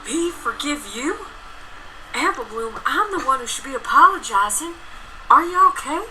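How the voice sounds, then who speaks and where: A woman's voice: high voice, lively intonation, normal speed, sharp tone, slight background noise, exaggerated voice, rough recording. A woman voicing a protective older-sister pony with a Southern US accent, in a reassuring drawl. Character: grown farm mare, protective older sister.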